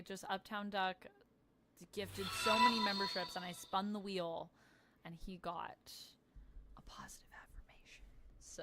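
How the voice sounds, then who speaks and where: A woman's voice: medium pitch, fairly bright tone, slight background noise. A woman in her thirties chatting casually on a livestream, upbeat and reading out viewer messages. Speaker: streamer.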